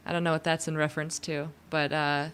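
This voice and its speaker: A woman's voice: deep voice, level tone, a little fast, a bit bright. A woman co-hosting a casual livestream and reading out the chat, teasing and laughing often.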